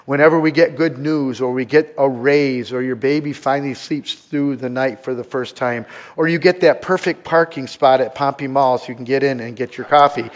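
A male pastor delivers a sermon to his congregation in a mid-pitched, earnest voice. He repeats words for emphasis and fills pauses with soft "uh"s. The recording sounds a little dull and lo-fi. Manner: earnest, with frequent fillers and repetitions.

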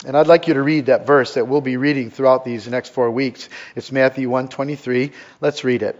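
A man preaching a sermon as a pastor, earnest, repeating words and pausing with fillers. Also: mid-range voice, steady tone, dull audio. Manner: earnest, with frequent fillers and repetitions.

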